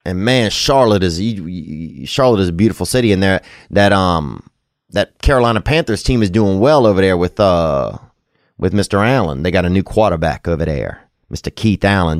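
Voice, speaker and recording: This low-pitched male podcast host takes calls on a laid-back show, recorded cleanly in a studio with no room sound. His chat wanders loosely, full of crude jokes, yet he shifts into genuine advice.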